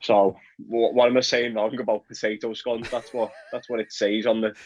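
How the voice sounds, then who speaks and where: A man's voice: mid-range voice, little pitch movement, moderate pace, muffled recording, slight background noise. A young man from Liverpool with a Liverpool accent, chatting casually in an interview as a football player, laughing often and repeating words. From England, Liverpool.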